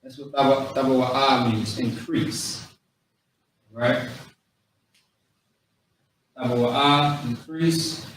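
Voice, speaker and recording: Slow, echoey man teaching a class. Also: mid-range voice, fairly even intonation, fairly bright tone, a little hiss or hum. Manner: slow, repetitive drilling of words with casual asides. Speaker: language teacher. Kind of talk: classroom lesson. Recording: very echoey room, voice from far off.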